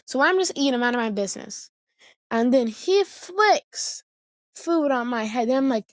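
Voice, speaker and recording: Woman vlogger, slangy story chat, somewhat high voice, dry close sound. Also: expressive, normal speed, no room sound. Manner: chatty, slangy, jumps back to the point often. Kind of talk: casual storytelling to camera.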